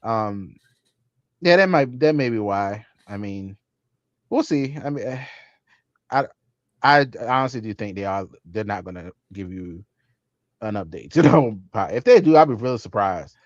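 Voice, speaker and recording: A man's voice: on the low side, animated, moderate pace, pauses often, dry recording. A man co-hosting a tech podcast in laid-back casual chat, swearing easily and laughing as he mimics others. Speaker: podcast co-host. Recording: dull, dry lo-fi audio.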